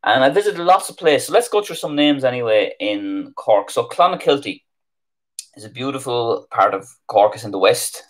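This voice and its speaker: A man's voice: mid-range voice, lively intonation, normal speed. A man with an Irish accent teaching Irish place names on a live stream, thinking aloud with ums and restarts. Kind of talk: live stream lesson, casual explaining.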